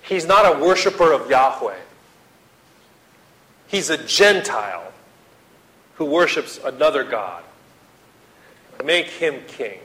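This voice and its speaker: A man preaching a sermon to his congregation, swinging from loud dramatic outbursts to hushed appeals and acting out the quotes he reads. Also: medium pitch, animated, slow, long pauses, poor audio. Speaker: pastor.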